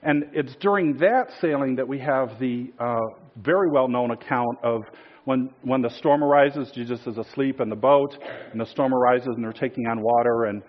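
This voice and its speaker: A man's voice: mid-range voice, moderate pace, lo-fi sound. Man preaching casually with many fillers. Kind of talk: sermon with storytelling.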